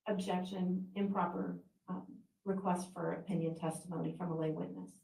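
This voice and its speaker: A woman prosecutor questioning a witness and raising formal objections in a courtroom, in a brisk manner. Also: fairly low pitch, flat delivery, vocal fry, dark tone. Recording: echoey courtroom audio from far mic.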